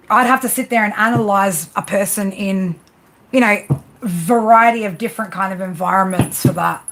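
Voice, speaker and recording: A woman's voice: mid-range voice, a bit bright, a little hiss or hum. A woman doing casual live-stream tarot readings, chatty and laughing, swearing freely as she talks to her viewers.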